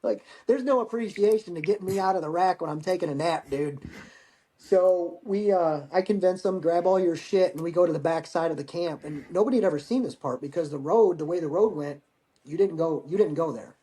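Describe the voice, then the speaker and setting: Middle-aged male veteran, guest spot, loose swear-heavy anecdotes, voices the people he quotes, a touch high-pitched. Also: a little fast. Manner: profane, animated anecdote-telling with acted quotes. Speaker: podcast guest, Marine veteran. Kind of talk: casual storytelling.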